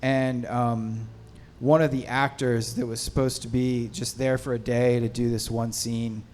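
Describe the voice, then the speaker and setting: A man's voice: mid-range voice, flat delivery, unhurried, darkish tone. A man on a film panel, telling a rambling casual story about stepping in as an actor. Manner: rambling, many fillers and restarts.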